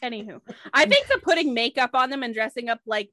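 A woman's voice: a little high, expressive, quick pace, sharp tone. A woman co-hosting a casual comedy podcast, telling a story in a blunt, emphatic way with plenty of swearing. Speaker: podcast co-host telling a case.

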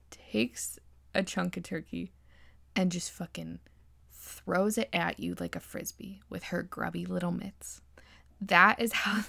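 Woman podcast host, casual profane recap, gravelly edge, mid pitch. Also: bright, forceful tone, dry recording, clean studio sound. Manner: rambling, profane and giggly.

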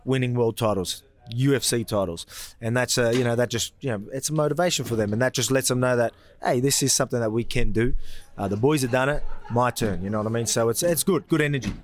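Australian bloke, quick interview talk, humble and rambling, lots of fillers. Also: male voice, medium pitch. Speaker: fighter guest. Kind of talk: casual interview chat.

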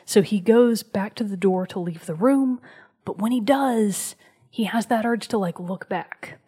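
A woman hosting a show, casually recounting a video game story and dropping into a soft whisper for emphasis. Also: mid-range voice, unhurried, slightly rough. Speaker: show host.

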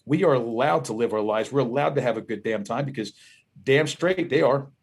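A man with a Philadelphia accent, a musician guest telling profane, animated stories in casual podcast conversation. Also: medium pitch, fairly quick, slightly rough.

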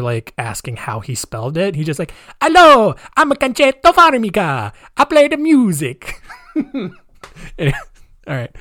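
A man's voice: medium pitch, no echo, clean studio sound. A man hosting a casual storytelling podcast. He rambles, uses lots of fillers and adds sarcastic asides. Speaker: podcast host.

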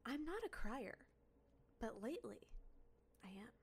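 A woman in her thirties co-hosts a relaxed conversation, chiming in often and laughing easily. Her voice sits a little higher than most women's. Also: slightly rough. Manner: warm, quick to laugh and chime in. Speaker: podcast co-host. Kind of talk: casual chat.

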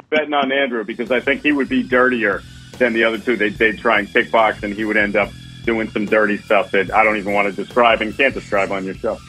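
A man calling in to a radio show, joking in a mocking, deadpan way. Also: on the low side, fairly quick, faint music behind, low-quality recording. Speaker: caller. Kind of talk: call-in chat.

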